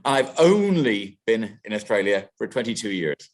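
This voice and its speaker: A man's voice: lowish voice, big pitch swings, normal speed. A man from the UK, a guest author, greeting a webinar audience with a jokey manner and a few stammered restarts. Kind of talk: casual interview.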